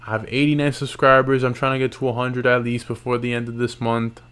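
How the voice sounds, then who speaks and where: A man's voice: medium pitch, level tone, quick pace, a bit bright, clean tone. A tired man recapping MMA fights late at night in loose, slangy casual talk, yawning and restarting his sentences. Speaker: MMA YouTuber.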